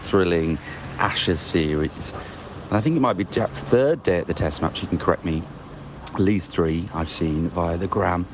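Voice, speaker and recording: A man's voice: low-pitched, normal speed. A man co-hosting a podcast in casual chat, talking in a wry, observational way from outdoors in a city square. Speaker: podcast co-host. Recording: outdoor street noise. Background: street and traffic noise.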